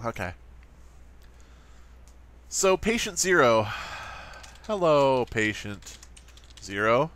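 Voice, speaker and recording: A man's voice: mid-range voice, sing-song, drawn-out words, long pauses, fairly bright tone, clear, resonant tone. Jokey man commenting on a game. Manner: sarcastic, jokey, talks to viewers. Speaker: gaming commentator. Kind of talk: let's play commentary.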